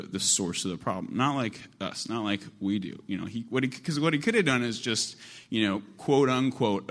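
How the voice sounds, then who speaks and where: A man preaching a sermon in a conversational style, repeating phrases to build emphasis. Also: on the low side.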